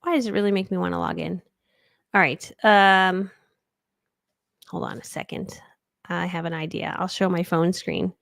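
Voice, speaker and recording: A woman teaching during a live stream, talking energetically with big upbeat leaps in pitch and thinking aloud while she fumbles with her screens. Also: fairly even intonation, moderate pace, vocal fry, pauses often, a bit bright, no echo, studio quality. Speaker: online business coach.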